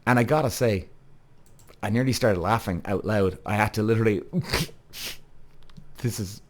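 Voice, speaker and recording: A man's voice: lowish voice, fairly quick. A man in his thirties hosting a podcast, telling a personal story in a blunt, casual way with plenty of swearing and direct asides to listeners. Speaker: podcast host.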